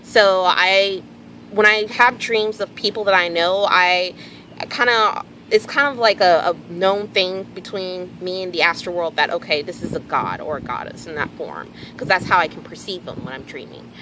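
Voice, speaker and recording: A woman telling a personal story in a casual, animated way, acting out bits of dialogue and swearing freely. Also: on the low side, moderate pace, slight background noise, poor audio. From Houston area, Texas. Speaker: vlogger.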